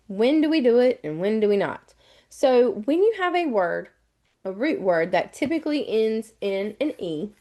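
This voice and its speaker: A woman's voice: medium pitch, darkish tone. A woman with a Southern US accent, giving a live online test prep lesson and explaining each step over and over in a chatty way.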